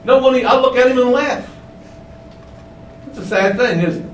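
A man's voice: very high voice, moderate pace. A man preaching a sermon, emphatic, with many rhetorical questions, in a windowless room. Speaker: pastor. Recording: roomy, distant mic, faint hum.

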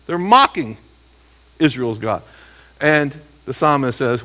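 Emphatic bright-voiced male preacher. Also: mid-range voice, big pitch swings, unhurried. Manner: emphatic, rhetorical questions, reads scripture aloud. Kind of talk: expository sermon.

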